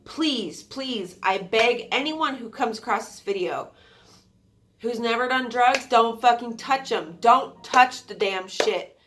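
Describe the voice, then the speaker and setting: A woman's voice: on the high side, fairly bright tone, slight background noise. A young woman telling a personal story to her viewers in a casual, candid way, swearing freely and acting out what people said. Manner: candid, swears freely, acts out quotes with shrieks. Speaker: storytime vlogger.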